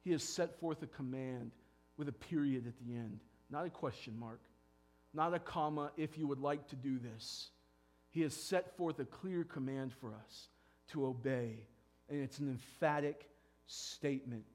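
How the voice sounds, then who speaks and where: A man preaching a sermon as pastor, moving from hushed, quiet points to loud, emphatic declarations. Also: mid-range voice, unhurried.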